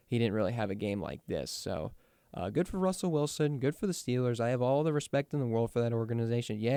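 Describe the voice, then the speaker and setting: A man's voice: on the low side, mellow, dry recording, studio quality. A young man hosting his own sports talk show, ranting about his team with frustration and plenty of restarts. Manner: frustrated, rambling, many restarts. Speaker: sports podcast host. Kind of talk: casual fan commentary.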